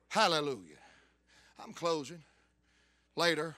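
A man preaching a fervent revival sermon, bursting into loud shouts. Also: high-pitched, normal speed, no echo.

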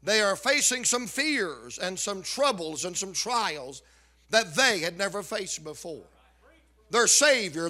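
A man preaches a revival sermon in a high, ringing voice. He takes his time, stretching and repeating key words with emphasis. He drops in joking asides between the lines. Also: sharp tone.

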